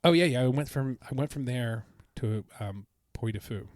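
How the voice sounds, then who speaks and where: A man's voice: mid-range voice, lively intonation, moderate pace, dry recording, studio quality. A man co-hosting a podcast, telling a long, enthusiastic travel story in a casual, rambling way with many restarts. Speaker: podcast co-host. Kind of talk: casual chat.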